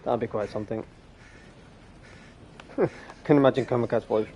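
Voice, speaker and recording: A man's voice: medium pitch, normal speed, dark tone, highs cut off, a little hiss or hum. Chatty young man streaming a game. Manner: rambling, chatty, laughs often, swears. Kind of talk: casual gameplay commentary. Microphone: gaming headset.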